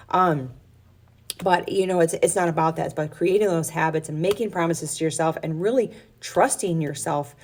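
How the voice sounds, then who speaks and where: A woman's voice: on the low side, darkish tone. A woman fitness coach giving an earnest, encouraging and emotional pep talk in a casual vlog. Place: her workplace on an off day.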